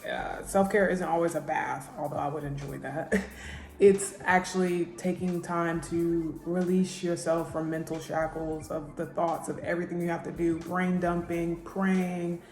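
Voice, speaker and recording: A young woman vlogging candidly from her home kitchen, halting and emotional, close to tears, with many pauses and fillers. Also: on the low side, steady tone, a little mellow. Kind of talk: reflective personal vlog talk. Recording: echoey room with faint music.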